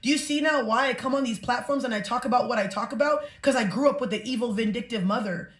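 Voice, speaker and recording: A woman's voice: on the high side, quick pace. A woman giving an impassioned, indignant monologue to her viewers. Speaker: social media commenter. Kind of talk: emotional monologue. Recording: roomy echo.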